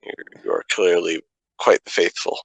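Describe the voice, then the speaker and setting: A man taking part in a tabletop game, half in character, pausing and restarting as he hunts for words. His voice sits low with a gravelly fry, recorded close and dry. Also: fairly even intonation, no echo, poor audio. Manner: halting, many fillers and restarts. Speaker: player. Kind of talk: tabletop role-play, speaking in character.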